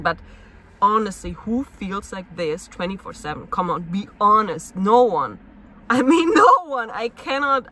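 Restless bright-voiced woman venting. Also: mid-range voice, slight background noise, low-quality recording. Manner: searching, restless, asks herself many questions. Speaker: actress and vlogger. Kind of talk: personal confessional vlog.

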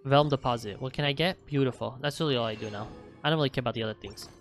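A man's voice: mid-range voice, racing, soft background music. Young man casually reviewing his game account. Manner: chatty, reads out stats, swears offhandedly. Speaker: gaming channel host.

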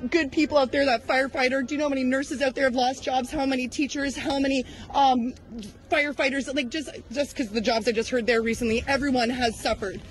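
A woman in her thirties confronting a news crew outdoors at a protest, accusing them with rapid rhetorical questions. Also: sits high, fairly even intonation, rough recording. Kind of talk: heated street confrontation.

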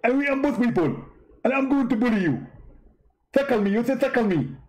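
A man doing a mocking impression of a boastful, taunting male preacher in a high voice. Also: lively intonation, darkish tone, rough recording. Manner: boastful, taunting, fast rambling.

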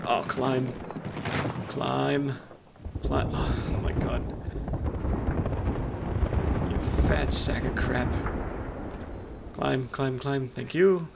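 A man giving excitable, panicky live commentary on his own gameplay, muttering to himself between outbursts. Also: mid-range voice, slow, creaky, pauses often, very noisy. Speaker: gameplay streamer. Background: loud gunfire from the game.

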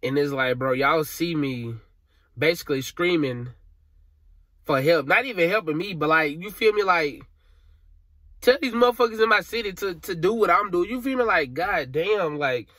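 This young vlogger from Alabama, USA, pours out an emotional, tearful vent to camera in a somewhat high, expressive, fairly bright voice at a moderate pace. The recording is dry and studio quality, and his talk is frustrated, rambling, profane, and slangy.

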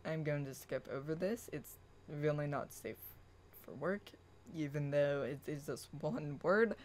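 Slow earnest spiritual vlogger, half ranting half reading their own writing, chanty affirmations, medium pitch. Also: a little hiss or hum, rough recording. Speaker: spiritual channel host. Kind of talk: casual spoken rant and reading aloud own writing.

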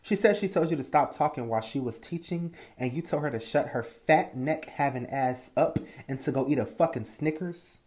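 A man's voice: on the high side, moderate pace, hardly any pauses, darkish tone, lightly acted. A man playing a strict, blunt mother who scolds her sons with profane threats in a comedy skit. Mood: stern.

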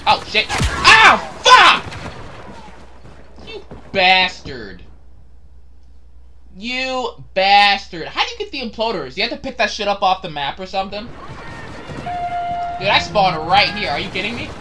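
A young man giving casual gameplay commentary, excitable, swearing and shouting at enemies. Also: sits high, brisk, soft background music. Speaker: gaming channel host.

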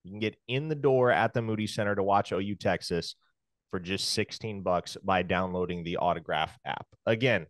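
A man's voice: deep voice, normal speed, no echo, studio quality. A man co-hosting a sports podcast, talking casually with wry humor. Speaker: podcast co-host. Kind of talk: casual sports chat and ad reads.

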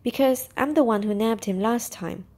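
A woman voicing a nervous, tearful young woman thief in a storybook reading, talking in quick, pleading bursts. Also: fairly high pitch, a little mellow, lightly acted.

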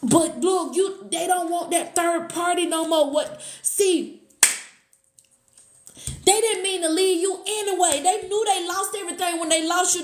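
A woman doing a live tarot reading, excitable, gasping and thanking viewers as she goes. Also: very high voice, a little slow, background noise. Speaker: tarot reader. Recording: echoey room.

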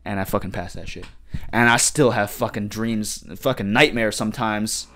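A young man talks into a podcast mic in a casual, profane solo rant. His voice sits on the low side, and he tags sentences with slang like "dog" and "bruh". He jumps between loud, animated bursts and quiet, mumbled asides. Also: moderate pace. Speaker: podcast host. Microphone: podcast microphone.

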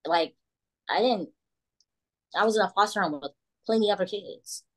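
A young woman chatting as a podcast guest, giggly and animated, often dropping into quoted voices. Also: mid-range voice, moderate pace, low-quality recording. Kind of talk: casual chat on a call.

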